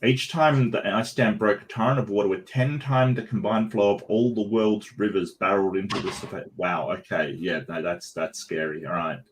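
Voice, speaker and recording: A man hosting a casual panel discussion, halting and full of fillers and restarts. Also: lowish voice, steady tone, a little hiss or hum. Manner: hesitant, many fillers and restarts. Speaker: host.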